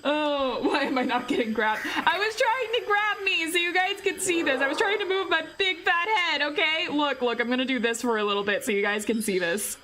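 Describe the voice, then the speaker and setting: A woman's voice: high-pitched, animated, fairly quick, few pauses, pushed and bright, a little hiss or hum. A woman in her forties streaming a visual novel read-through, playful and chatty with her viewers, often breaking into laughter. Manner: playful, talks directly to viewers. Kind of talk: casual live-stream chat.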